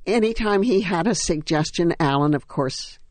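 An older woman, a stage actress, reminiscing in an interview with a wry, unhurried storytelling manner. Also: fairly low pitch, animated, a little mellow, no echo.

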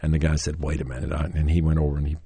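A man's voice: extremely low pitch, completely flat delivery, rapid-fire, mellow, breathy edge, no echo. An older man with a Tennessee accent telling a long, rambling story about his early acting days, full of restarts and chuckles, who acts out quoted lines in a livelier voice. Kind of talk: anecdotal storytelling interview.

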